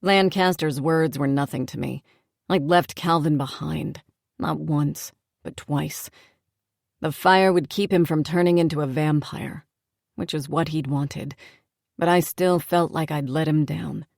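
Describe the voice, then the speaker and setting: Woman narrator, gravelly fry, dry close sound, subdued first-person reading. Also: sits low, fairly even intonation, unhurried, a little mellow, no room sound. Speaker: audiobook narrator.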